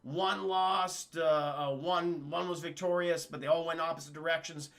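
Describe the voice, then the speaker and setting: A man's voice: on the high side, steady tone, moderate pace, fairly bright tone. A man voicing a calculating prince who reads the tracks of a duel. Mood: deducing. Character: scheming prince, adult man, a master tracker.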